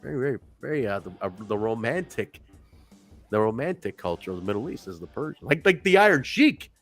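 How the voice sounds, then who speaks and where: A man talks casually on a podcast, rambling and swearing freely and laughing along the way. His pitch sits mid-range but swings widely, and faint music plays underneath. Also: big pitch swings, a little fast. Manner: rambling, profane, laughs often. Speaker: podcast co-host. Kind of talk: casual wrestling review chat.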